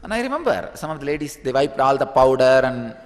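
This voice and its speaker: A man's voice: mid-range voice, quick pace. A man from South India with a Tamil-influenced English accent, telling a story with laughter during a spiritual talk in a large hall. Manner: animated, laughing, acts out quoted voices. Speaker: spiritual teacher. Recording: reverberant hall.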